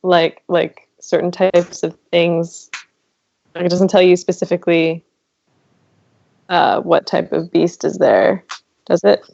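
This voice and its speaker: Gravelly-voiced woman player. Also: fairly low pitch, slow pace, pauses often, a little mellow, dull audio. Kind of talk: casual tabletop play.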